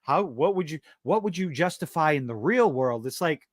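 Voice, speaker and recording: A man's voice: on the high side, expressive, normal speed, dry recording, clean studio sound. A man co-hosting a casual livestream chat, talking bluntly with lots of swearing and worked-up rants. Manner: blunt, profane, ranting. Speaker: podcast co-host.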